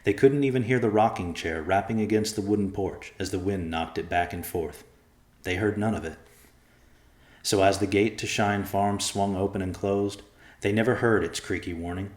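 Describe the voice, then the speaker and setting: A man narrating a dark story in a steady, dramatic audiobook reading, recorded in an echoey room. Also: lowish voice, moderate pace.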